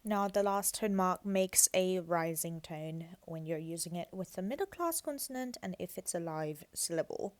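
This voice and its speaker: A woman teaching a language lesson, slowly modelling syllables aloud and explaining each one clearly. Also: lowish voice, animated, no echo.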